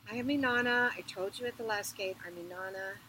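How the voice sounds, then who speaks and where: A woman's voice: medium pitch, fairly even intonation, brisk, pushed and bright, a little hiss or hum, close to an everyday voice, low-quality recording. A woman playing an indignant queen. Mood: demanding. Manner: indignant, demanding. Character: proud, commanding young queen.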